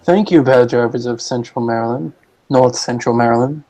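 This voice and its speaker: A man's voice: mid-range voice, moderate pace, warm tone, poor audio. A man in casual chat, jokey and teasing, often stopping and restarting his sentences.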